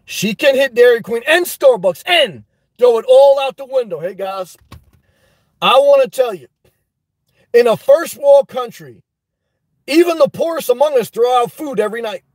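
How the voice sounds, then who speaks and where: A man hosting a live stream, reading chat and telling a story in a loud, animated way, swearing often. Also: very high voice, normal speed, no echo. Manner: animated, loud, swears a lot, repeats himself. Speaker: livestream host reading chat. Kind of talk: casual livestream rant.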